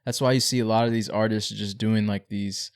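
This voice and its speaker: A man's voice: lowish voice, steady tone, brisk, smooth. Laid-back slangy man co-hosting a podcast. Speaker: podcast co-host. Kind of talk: casual chat.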